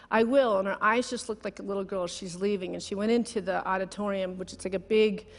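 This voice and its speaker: Heartfelt woman with a gravelly edge. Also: medium pitch. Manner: heartfelt, conversational, near tears. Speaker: guest speaker. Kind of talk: sermon with personal story. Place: large church sanctuary. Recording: long hall reverb.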